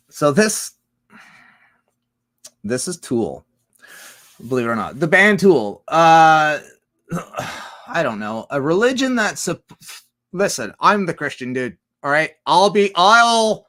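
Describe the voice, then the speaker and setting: A man's voice: on the high side, fairly bright tone. A man chatting casually on a livestream, rambling with many restarts, swearing heavily and laughing often. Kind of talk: casual rambling stream chat.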